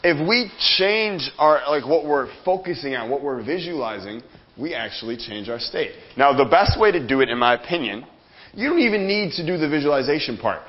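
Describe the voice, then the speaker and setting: A man giving a live motivational seminar talk, energetic and profane, speaking straight to the audience in the room. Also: fairly high pitch, brisk. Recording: dull lo-fi sound.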